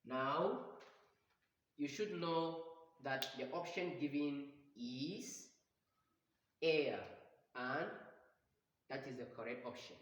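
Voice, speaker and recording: A man teaching an exam-prep lesson, speaking deliberately and repeating each word to model its pronunciation. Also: mid-range voice, a bit bright, slight background noise. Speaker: English teacher. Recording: very echoey room.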